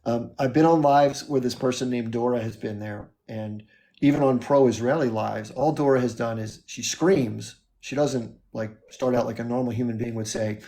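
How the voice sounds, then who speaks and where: An American man hosting a livestream debate, calm and lecturing, often addressing the caller by name. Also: medium pitch, moderate pace. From United States. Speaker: livestream host.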